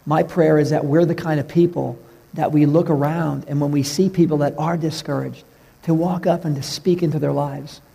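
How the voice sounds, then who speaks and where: Gravelly-voiced pastor preaching in a big hall. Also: male voice, a little high, fairly even intonation, normal speed. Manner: storytelling, earnest, drops to a hush for tender moments. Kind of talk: sermon. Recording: reverberant hall.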